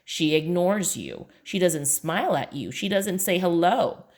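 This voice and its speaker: A woman voicing a calm, gently teasing mother in a children's book read aloud. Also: lowish voice, unhurried, voice pushed up.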